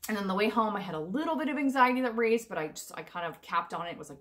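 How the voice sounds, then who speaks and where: In a casual, emotional vlog, a young woman tells her personal story in a chatty, rambling way, full of fillers and laughs. Her medium-pitched voice is expressive and fairly bright, and she speaks in rapid-fire bursts.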